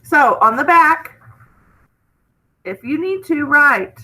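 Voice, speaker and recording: A woman's voice: high-pitched, expressive, slow pace, pushed and bright, poor audio. A woman, teaching a recorded phonics lesson in a chatty, encouraging way and often checking in with "okay?".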